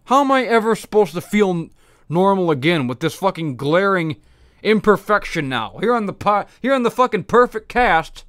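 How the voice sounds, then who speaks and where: Profane ranting man, high voice. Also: very animated, normal speed, fairly bright tone, no room sound, studio quality. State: half his face numb from dental work. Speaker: podcast host. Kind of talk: angry comedic rant.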